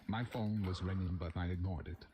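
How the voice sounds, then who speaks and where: A young man reading a scary first-person story aloud as a narrator, with a steady, even storytelling delivery. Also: low-pitched, moderate pace, background noise. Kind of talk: scripted horror story narration.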